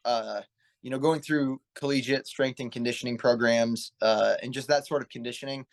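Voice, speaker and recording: A man's voice: mid-range voice, steady tone, moderate pace, creaky. Earnest, rambling young man. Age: 20s. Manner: earnest, rambling, self-correcting. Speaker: guest, pro wrestler. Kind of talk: casual interview storytelling.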